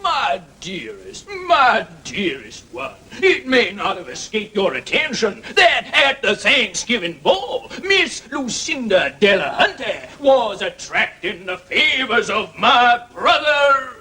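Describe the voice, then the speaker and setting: A lovesick old-fashioned suitor dictates in a high, bright voice. He speaks slowly, with flowery phrases, and stalls when he forgets names. His pitch wanders up and down. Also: sing-song, heavily acted. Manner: halting, forgetful, florid.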